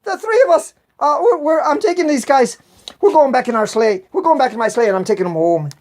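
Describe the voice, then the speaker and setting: Woman playing a squeaky, jolly old Santa. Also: expressive, fairly quick, a little mellow. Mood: delighted. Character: cheery old man Santa Claus, jolly.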